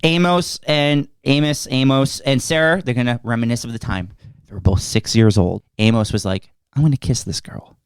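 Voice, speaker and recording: A man's voice: medium pitch, fairly even intonation, normal speed, clean tone, dry recording, studio quality. A young man hosting a podcast, jokingly recapping a movie plot in casual chat. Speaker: podcast host.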